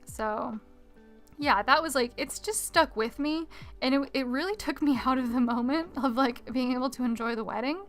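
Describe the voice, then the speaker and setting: Woman art streamer, fairly high voice, rambling animated chat, soft music under her. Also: moderate pace. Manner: chatty, rambling, animated storytelling with many fillers. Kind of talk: casual live-stream chat while drawing. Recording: faint music in background.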